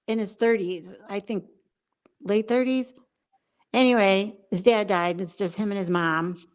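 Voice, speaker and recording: A woman chatting casually on a live stream, bluntly retelling a movie scene. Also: medium pitch. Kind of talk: casual chat.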